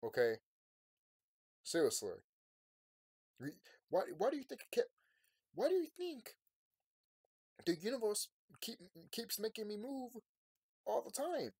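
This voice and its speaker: A man talking to his viewers in a rambling late-night monologue. He sounds sleepy and yawning, and he swings from quiet, tired musing to loud ranting. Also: very high-pitched, sing-song, measured pace, long pauses, slightly rough, dry recording, studio quality. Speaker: vlogger.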